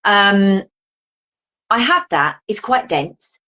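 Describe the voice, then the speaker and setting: Lively woman guest on a podcast, voice jumps all over as she acts out her reactions. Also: medium pitch, slow pace, highs cut off. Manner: animated, acts out her own reactions in quotes. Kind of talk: casual chat.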